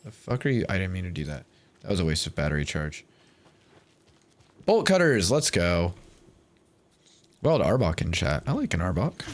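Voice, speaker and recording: Wry, swearing male game streamer. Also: low-pitched. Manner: wry, profane, swearing freely. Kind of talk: casual gameplay commentary.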